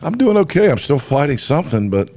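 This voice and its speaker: A male morning radio host, hoarse from a cold, chatting casually and rambling with many fillers. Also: fairly high pitch, big pitch swings, fast talker, dark tone. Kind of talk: casual morning show banter.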